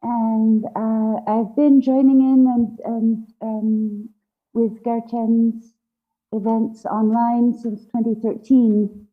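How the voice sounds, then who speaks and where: A woman introduces herself on a video call, rambling and giggly. Her voice is a little high, and she speaks slowly. The audio is narrow and phone-like. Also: little pitch movement.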